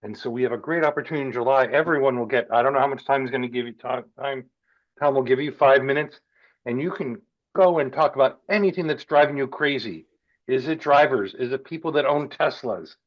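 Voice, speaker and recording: A man's voice: mid-range voice, brisk, muffled recording. A man who co-chairs a speakers' club, announcing an event in a playful manner. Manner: playful, building to animated bursts. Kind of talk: casual announcement.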